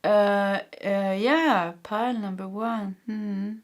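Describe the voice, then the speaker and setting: Woman tarot reader from Sweden, Swedish native speaking English, middling pitch, emotional and earnest delivery. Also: normal speed. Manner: emotional, earnest, frequent laughs and fillers. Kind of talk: pick-a-card tarot reading.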